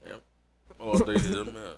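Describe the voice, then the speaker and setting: A man's voice: sits high, big pitch swings, racing, vocal fry, crowd noise. A young man co-hosting a podcast, chatting casually and telling stories with plenty of swearing and laughter. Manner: profane, laughing storyteller. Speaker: podcast co-host. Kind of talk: casual banter.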